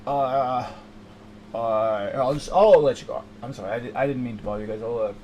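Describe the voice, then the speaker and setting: A man voicing Death as a timid, apologetic lurking spirit who mumbles quietly, in an improvised comedy scene. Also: medium pitch, a little fast, highs cut off, a little hiss or hum, pitched below the performer's own voice, natural voice. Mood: sheepish.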